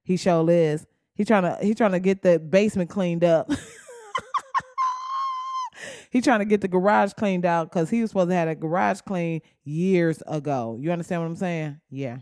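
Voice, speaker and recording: A man hosting a casual comedic talk show, profane and animated, often slipping into quoted voices. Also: high voice, moderate pace, no room sound, studio quality.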